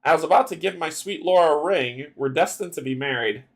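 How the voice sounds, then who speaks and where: A man's voice: on the high side, a little fast, lightly acted. A man voicing a pathetic, weeping lovesick man, reading card dialogue aloud in a card game. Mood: pleading.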